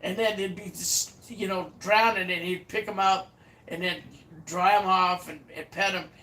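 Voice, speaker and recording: High-pitched male co-host, sits back from the mic, faint noise behind, short agreeing replies. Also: fairly even intonation, moderate pace, sharp tone, recorded from a distance, low-quality recording. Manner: brief agreeing replies, chuckles. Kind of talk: casual chat.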